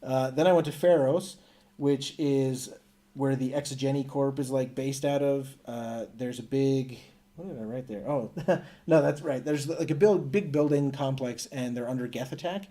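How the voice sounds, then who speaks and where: A man's voice: medium pitch, moderate pace. A man hosting a casual podcast, recapping a video game and acting out the characters' lines. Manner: animated storytelling, acts out quotes. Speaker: podcast host.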